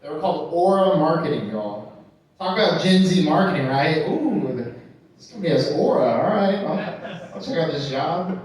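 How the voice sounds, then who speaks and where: High-voiced man doing stand-up. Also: normal speed. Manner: animated, swears freely, talks straight to the audience. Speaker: stand-up comedian. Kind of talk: stand-up set. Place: nightclub stage. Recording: echoey club recorded from far off.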